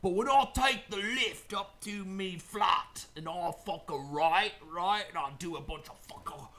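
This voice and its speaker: A brash, crude London bloke, as a man puts on a Cockney accent, loud and pitched up high. His voice is bright and keeps bursting into shouts. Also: measured pace, exaggerated voice. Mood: rowdy. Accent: put-on Cockney. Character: brash rowdy London bloke, adult male.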